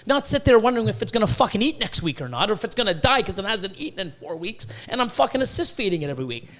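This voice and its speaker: Male podcast host, fairly high voice, swears constantly, stumbles over restarts while ranting. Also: big pitch swings, very fast, a bit bright. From Canada. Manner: profane, worked-up, repetitive stammering restarts. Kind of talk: casual ranting podcast talk.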